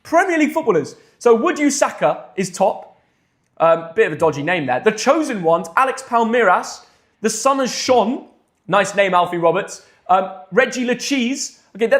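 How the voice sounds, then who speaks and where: A young man with a high voice hosts a live football stream. He is excitable and jumps from loud hype to quick chatty asides.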